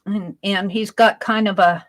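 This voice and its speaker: Slow-talking woman sketching on a live stream. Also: mid-range voice, fairly even intonation, rough recording. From Wisconsin. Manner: chatty, reads chat aloud while sketching. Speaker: art streamer. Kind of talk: live-stream art chat.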